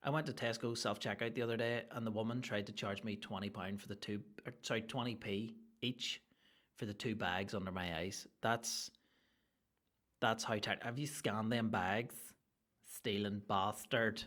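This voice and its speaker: A man hosting a solo comedy podcast, ranting in a crude, rambling and excitable way. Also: on the low side, normal speed. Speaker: podcast host.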